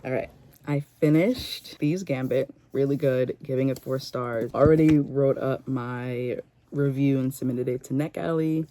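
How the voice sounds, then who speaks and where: A woman's voice: rumbling low, fairly even intonation, a little slow, dark tone. A young woman in a casual, chatty reading vlog, talking into a phone she holds, with lots of "like" fillers. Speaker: book vlogger. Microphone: phone held by hand.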